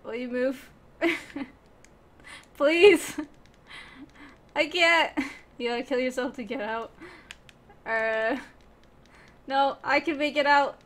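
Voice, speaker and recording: Young woman gamer, high voice, unhurried, giggly and playful with her crew. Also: fairly even intonation, a bit bright. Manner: giggly, playful, talks to chat and teammates. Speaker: gaming streamer. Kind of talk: casual gameplay commentary.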